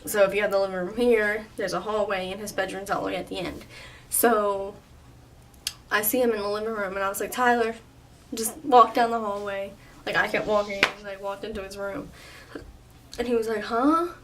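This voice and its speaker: A young woman vlogger telling a personal story in a casual, chatty way, full of "like" and quick laughs. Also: medium pitch, level tone. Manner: chatty, lots of "like", laughs often. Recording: slightly distant, faint room noise.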